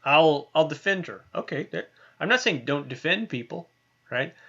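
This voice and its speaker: A man's voice: a little high, lively intonation, normal speed, sharp tone, lo-fi sound. A man teaching a Bible lesson in a conversational way, often asking "right?" and using fillers. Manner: conversational, many tag questions and fillers. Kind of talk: recorded online lesson.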